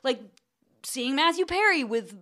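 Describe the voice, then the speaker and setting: A middle-aged woman telling stories as a guest in a casual interview, acting out quotes in an animated voice. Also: normal speed. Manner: animated, acts out quotes in a high excited voice. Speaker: guest actor.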